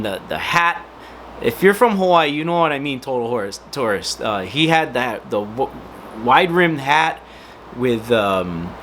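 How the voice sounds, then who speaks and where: An American man hosts his own video channel, rambling through a casual story about his family name with lots of fillers and restarts. His voice is mid-range and fairly bright, with slight background noise.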